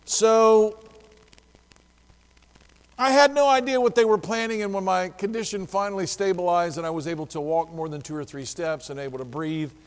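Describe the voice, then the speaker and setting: A male pastor preaching a sermon, telling a story lively and acting out the dialogue. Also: high-pitched, normal speed, clean tone, in a large hall.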